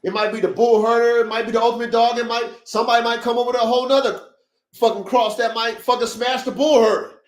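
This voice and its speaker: This fast-talking podcast host and dog breeder has a high voice and keeps a level tone as he lectures his livestream audience in brief, profane, repeated bursts of encouragement. The recording carries a roomy echo.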